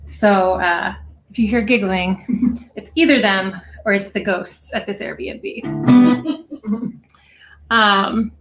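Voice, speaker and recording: A woman's voice: mid-range voice, drawn-out words, long pauses, poor audio. A woman hosting her own music livestream, chatting casually and laughing between songs in a rented house with friends. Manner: chatty, laughs easily, rambling asides. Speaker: singer-songwriter livestream host.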